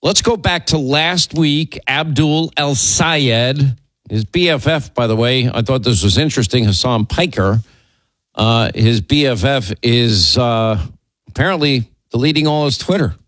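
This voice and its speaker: A man hosting a political commentary show, talking in a sardonic, rambling way with quick asides. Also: mid-range voice, animated, fairly bright tone, no echo. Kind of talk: casual opinion commentary.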